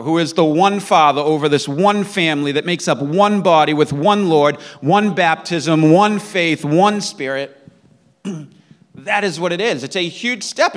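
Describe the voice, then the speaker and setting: A man preaching a sermon in an earnest teaching manner, often checking in with the listeners and clearing his throat. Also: sits high, fairly bright tone. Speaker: pastor.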